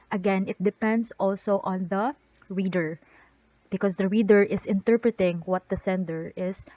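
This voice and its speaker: A woman gives an online lesson, explaining patiently with frequent restarts and a questioning "right?" to the listener. Her voice sits at a middle pitch, recorded close and dry with no room sound. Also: dark tone, no room sound, rough recording. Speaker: teacher. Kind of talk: online lecture.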